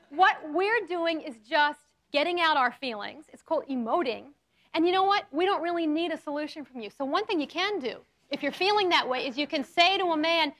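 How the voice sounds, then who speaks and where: A woman hosting a studio talk show, coaching her audience in a lively, playful way with acted examples. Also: very high voice, moderate pace. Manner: animated, coaching, playful role-play demos.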